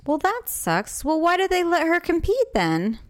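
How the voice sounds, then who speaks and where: A woman's voice: very high voice, wildly swooping pitch, a little slow. A woman co-hosting in casual chat, giving blunt, wry reactions.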